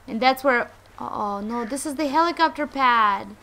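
A young woman hosting a let's play, commenting with exasperation, muttering and then yelling. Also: sits high, normal speed, hardly any pauses. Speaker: gaming channel host.

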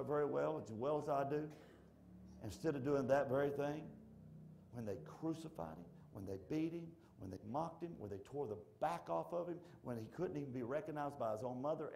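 A middle-aged male pastor preaching a folksy, animated sermon in church that swings from shouting to hushed. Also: medium pitch, gravelly, a little hiss or hum.

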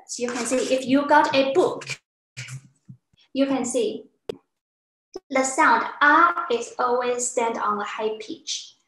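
Female teacher, high and unhurried, patient, demonstrates sounds with exaggerated pitch; roomy classroom sound. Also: pushed and bright, slight background noise. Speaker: Chinese language teacher.

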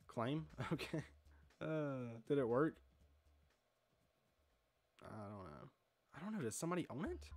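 A young man casually commenting on a video game he is playing, chatty and confused, laughing often. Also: medium pitch. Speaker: gaming video host.

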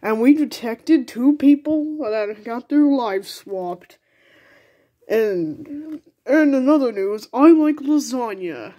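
A woman voicing a TV news announcer in a toy cartoon, speaking slowly and half-whispered. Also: sits high, lively intonation, dark tone, lo-fi sound, heavily acted. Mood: announcing.

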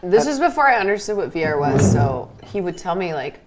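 A woman's voice: on the low side, brisk. A woman guest on a casual kitchen stream, telling stories animatedly and quoting others. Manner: animated storyteller, quotes others. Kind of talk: casual chat, storytelling. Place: home kitchen. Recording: clattering kitchen noise behind.

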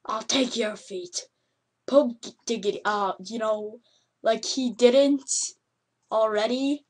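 A woman giving excitable, yelping commentary over a game she is playing. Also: fairly high pitch, slow. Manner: excitable, yelps and laughs at the game. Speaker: gameplay commentator. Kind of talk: let's play commentary.

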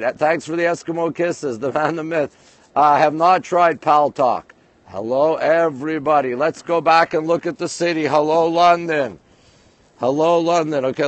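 A man with a slightly high voice chats to his live viewers from an outdoor rooftop on a freezing winter night, greeting each one by name and city. The sound is dry and close, as if from a phone held in his hand. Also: no echo. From Canada. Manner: greets viewers by place and name, chatty tour-guide patter. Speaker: livestream host. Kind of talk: casual live-stream chat.

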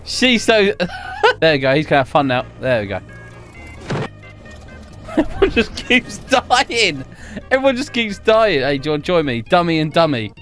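Young male gaming host, jokey and excitable, lively high-ish delivery. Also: fast talker, soft background music. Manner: excitable, jokey, laughs often. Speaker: gaming YouTuber. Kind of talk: live gameplay commentary.

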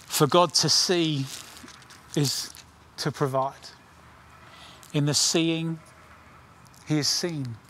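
A middle-aged man preaching a sermon with earnest intensity, dropping his voice low on key lines. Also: fairly even intonation, sharp tone, a little hiss or hum. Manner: earnest, dramatic pauses, drops to near whisper on key lines.

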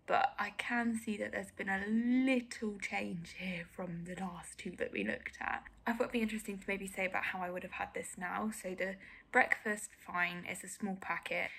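Husky young woman half-whispering commentary. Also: mid-range voice. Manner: candid, self-critical, often drops to a whisper. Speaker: vlogger. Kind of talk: casual reaction commentary.

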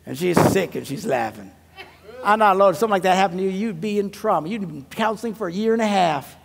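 This man, a pastor and comedian, weaves comic stories into a sermon, sinking into mumbled asides before leaping to loud punchlines and laughing at his own jokes. His voice is high-pitched, creaky and fast, with lively intonation and noise in the background.

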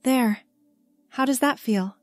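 A woman voicing an affectionate young girlfriend who speaks softly and encouragingly. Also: sits high, slow, dry recording, faint music behind, pitched above the performer's own voice. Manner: soft, encouraging, tender.

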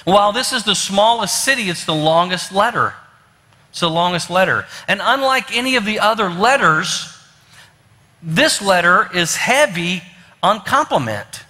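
West Virginian pastor preaching in a reverberant hall. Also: male voice, high voice, animated, moderate pace, pushed and bright. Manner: folksy, storytelling with fillers and restarts. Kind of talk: sermon. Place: church sanctuary.

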